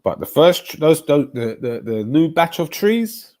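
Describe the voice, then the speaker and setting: A man, chatting casually on a live stream, animated and rambling, often repeating himself. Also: a little high, measured pace. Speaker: football streamer chatting with viewers.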